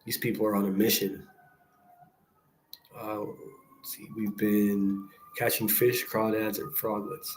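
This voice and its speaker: A man's voice: lowish voice, level tone, slow, long pauses, slight background noise. A man hosting a livestream, giving blunt, rambling commentary full of swearing. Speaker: livestream host. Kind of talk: profane casual commentary.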